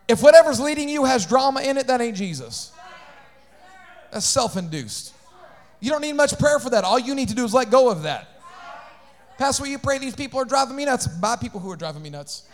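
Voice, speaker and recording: A man with a very high-pitched voice preaches a sermon in church. He calls out to the congregation, rising to shouted exhortation and then dropping to quiet, confiding asides. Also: moderate pace. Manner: animated preaching, shifts between shouting and hushed asides, call-outs to congregation. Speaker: pastor.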